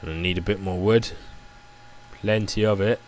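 A man's voice: low-pitched, fairly even intonation, moderate pace, background noise. A man giving casual, rambling commentary while playing a building game, chatty and full of "like" fillers. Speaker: gameplay commentator.

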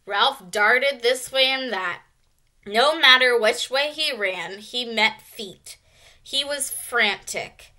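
A woman teacher reading a children's chapter book aloud, slow and expressive. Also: fairly high pitch. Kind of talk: read-aloud narration.

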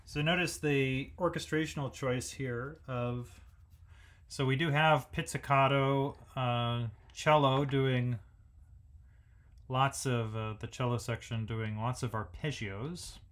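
A man's voice: medium pitch, fairly even intonation, slow pace, a bit bright. A man hosting a music lesson, thinking aloud as he analyzes a symphony and sings the rhythms on nonsense syllables. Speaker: music educator host.

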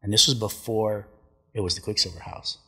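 A middle-aged man, a pro surfer and commentator, telling stories as a guest in a casual chat, profane and animated. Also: fairly low pitch, fairly quick, vocal fry, husky, in a large hall. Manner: profane, animated, acts out quotes.

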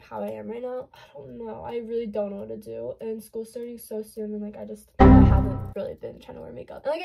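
A woman's voice: fairly high pitch, gravelly, mellow, slight background noise. A teenage girl vlogging casually at home, rambling with lots of fillers into a phone camera. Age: teens. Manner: rambling, filler-heavy teen talk. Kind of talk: casual vlog chat. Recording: background music under the voice.

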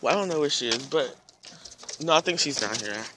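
A man's voice: medium pitch, animated, a little fast. A young man vlogging outdoors at a country cemetery on a handheld phone, rambling casually with lots of ums and unfinished sentences. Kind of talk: casual vlog talk. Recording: noisy outdoor recording with birds.

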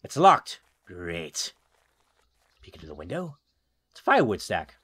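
A man's voice: sits low, wildly swooping pitch, measured pace, sharp tone, slightly rough. A man giving jokey, rambling let's play commentary with self-mocking asides. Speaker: gaming YouTuber.

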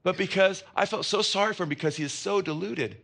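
A man preaching a sermon as pastor, impassioned and climbing to high emphatic peaks, asking the congregation questions and answering them himself, with rambling asides. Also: quick pace, vocal fry, fairly bright tone.

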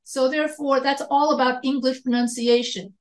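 A woman's voice: high voice, steady tone, normal speed, rough recording. An American woman teaching an online grammar lecture, explaining step by step, repeating points and correcting herself. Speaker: writing instructor.

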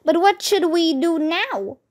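A woman's voice: extremely high pitch, slow, voice pushed up. A woman voicing a curious, thoughtful young boy in a children's book.

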